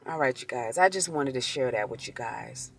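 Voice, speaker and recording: A woman telling an emotional personal story in a vlog, animated and full of quoted exclamations. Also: extremely low pitch, moderate pace, gravelly, breathy edge. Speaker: vlogger.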